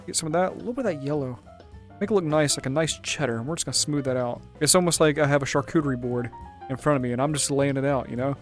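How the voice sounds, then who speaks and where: A man putting on the gentle, pleasant voice of a calm male painting instructor. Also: mid-range voice, faint music behind, close to an everyday voice. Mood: soothing. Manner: gentle, slow, hushed and pleasant. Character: soft-spoken, soothing adult male painting instructor.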